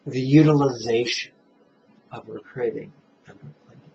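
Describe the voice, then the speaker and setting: A man teaching meditation in a relaxed, playful dharma talk, chuckling at his own jokes and guiding listeners step by step through the breath. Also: medium pitch, a little hiss or hum. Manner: guides listeners slowly through breathing steps. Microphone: camera mic, self-filmed. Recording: dull, muffled camera audio.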